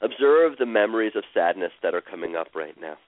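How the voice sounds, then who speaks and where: Calm man guiding a healing session. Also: fairly low pitch, dry recording. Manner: slow, soothing, repeats phrases. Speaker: healer guiding a caller on a radio show. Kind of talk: guided emotional healing session. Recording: dry, tinny phone-like radio sound.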